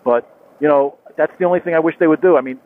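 A man's voice: fairly high pitch, quick pace. Rambling man riding a motorcycle. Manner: rambling, repeats himself, many fillers and restarts. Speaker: motorcycle vlogger. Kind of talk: casual talk while riding. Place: on a motorcycle on a rural highway. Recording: tinny phone-like helmet mic with road noise.

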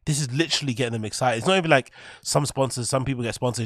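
A man's voice: mid-range voice, racing, few pauses, a bit bright, dry recording. A man talks over clips in a blunt, scornful stream commentary, swearing freely. His voice sits in a middling register and sounds dry and close, with no room around it. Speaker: streamer reacting to videos. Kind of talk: casual reaction commentary.

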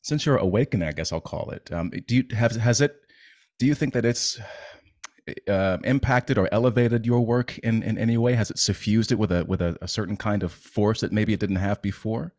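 A man hosting a podcast interview, earnest and halting, with many fillers and restarts as he asks questions. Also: fairly low pitch, darkish tone. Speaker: podcast host.

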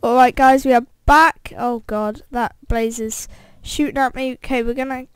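A woman hosting a let's-play video, excitedly reacting aloud to the game and talking straight to her viewers. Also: on the high side, moderate pace, smooth, no echo. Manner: talks straight to viewers as guys. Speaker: gameplay video host. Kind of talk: let's-play gameplay commentary.

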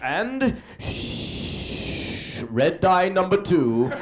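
A man performing comic theatrical narration on a live stage, with a drawn-out, mock-solemn delivery. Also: sits high, very animated, noisy background.

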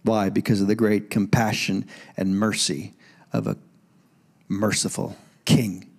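A middle-aged man preaching a sermon in a church, animated, breaking into loud calls when he quotes. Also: lowish voice, unhurried, slightly rough. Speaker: pastor. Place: church sanctuary.

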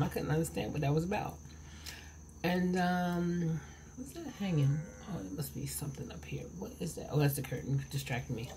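Indoors at home, a woman in her forties records a casual vlog with her camera mic while eating, chatty and prone to rambling and interrupting herself. Her voice is low-pitched and dark, with slight background noise.

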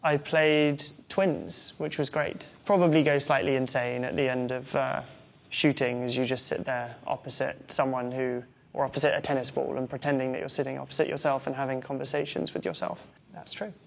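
A man's voice: medium pitch, little pitch movement, moderate pace, vocal fry, a bit bright. A man in his twenties with an English accent reads questions aloud and answers them with wry, self-deprecating humor. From England. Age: 20s. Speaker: interviewee.

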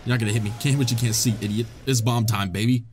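A man's voice: mid-range voice, steady tone, very fast, faint music behind. A young man hosting a let's-play, commentating casually and joking back at the game's characters. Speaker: gaming channel host.

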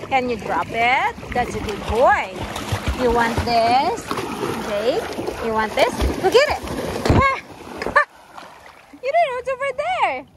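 A woman's voice: high-pitched, big pitch swings, slow pace, pauses often. A woman talking to dogs at the beach in a sing-song baby-talk voice, giggling between lines, filmed on a phone outdoors. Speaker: dog owner filming at the beach. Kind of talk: casual chat and dog talk. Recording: outdoor wind and water noise.

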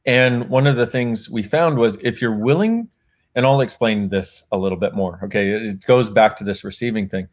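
A man who is an author and guest chats casually, laughing often, acting out remembered dialogue, and rambling and correcting himself as he goes. His voice is on the low side at a moderate pace.

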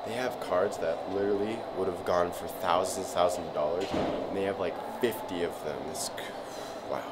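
A man vlogging with a handheld camera as he walks a museum hall, gushing with excitement. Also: low voice, normal speed, loud music behind the voice. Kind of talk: casual vlog commentary. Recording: noisy background.

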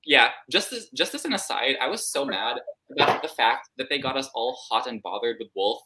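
A woman's voice: a bass voice, fairly quick, noisy background. A woman hosting a live book club chat, retelling a novel bluntly and with lots of profanity. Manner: blunt, profane, animated retelling with mock voices. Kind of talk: casual live book discussion.

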